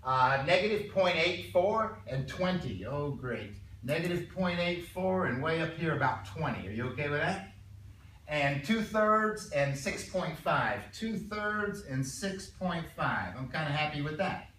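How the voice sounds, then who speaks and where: A man teaching a calculus class, chatty and stumbling over repeated words, clearing his throat now and then. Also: on the high side, expressive, a little slow, fairly bright tone, slight background noise. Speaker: math teacher. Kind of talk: classroom lecture. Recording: echoey room, mic far off.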